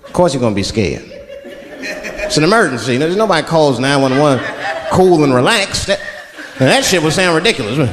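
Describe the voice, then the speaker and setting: A man from Washington, D.C. performing a stand-up routine, telling stories in an animated way and slipping into put-on voices, recorded on a large theater stage before a live crowd. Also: a little high, moderate pace, long pauses, long reverb tail. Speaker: stand-up comedian.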